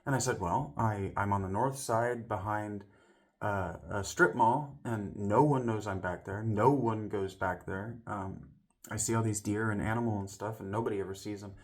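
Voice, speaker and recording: A man's voice: fairly low pitch, moderate pace. A man vlogging a casual personal story, rambling, with frequent restarts and self-corrections, and voicing other people's lines as he retells it.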